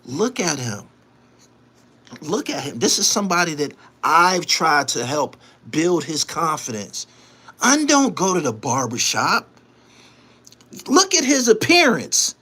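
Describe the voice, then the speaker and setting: A man's voice: a little high, huge pitch swings, slow pace, sharp tone, breathy edge. A man hosting his own show, delivering a heated, boastful, profane monologue and repeating himself for emphasis. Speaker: show host. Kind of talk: angry monologue to camera.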